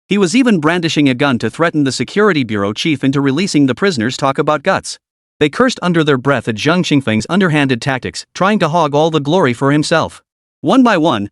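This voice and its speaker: A man narrates a dramatic story with a lively, animated pitch. His voice sits a little high. The recording is dry and close. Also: no echo.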